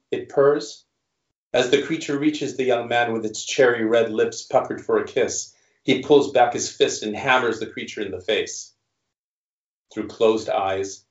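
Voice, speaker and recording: A male author reading his own fiction aloud in a measured narration, then answering questions. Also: fairly low pitch. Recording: roomy, dull recording.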